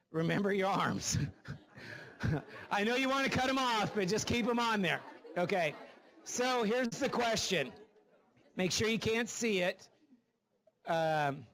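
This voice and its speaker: A man's voice: high-pitched, a bit bright. A man teaching a class of future teachers, coaching them through interview practice and often checking in with "right?". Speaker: teacher educator. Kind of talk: classroom instruction. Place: classroom with students.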